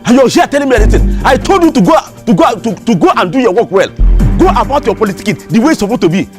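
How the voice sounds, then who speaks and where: A man's voice: extremely high pitch, sing-song, quick pace. A man with a Nigerian accent playing a scornful landlord in a comedy skit, insulting and scolding. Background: music.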